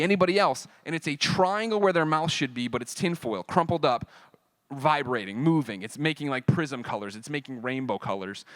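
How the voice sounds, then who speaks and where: A man speaking at a convention panel, telling a personal story in an animated, profane way and acting out the dialogue. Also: on the high side, no room sound.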